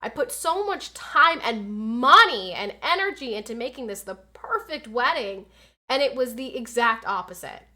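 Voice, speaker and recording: A young woman streamer telling a story in casual chat, animated and swearing, acting out quotes loudly. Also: on the high side, normal speed.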